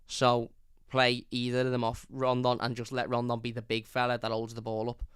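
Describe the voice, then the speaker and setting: Blunt fan-channel host. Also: male voice, medium pitch, completely flat delivery, moderate pace, a bit bright, smooth, no room sound, clean studio sound. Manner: blunt, opinionated, repeats points. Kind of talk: live match review reading chat comments.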